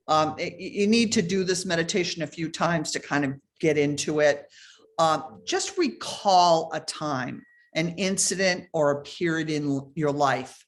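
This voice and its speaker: A woman leading a guided meditation over a video call, giving soft, slow instructions with pauses. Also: low-pitched.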